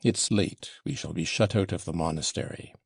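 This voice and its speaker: A man's voice: deep voice, moderate pace, gravelly, husky, no room sound, studio quality, heavily acted. A man reading an audiobook voices a jealous young man who talks with a jeering sneer. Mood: curt. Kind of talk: audiobook character voicing.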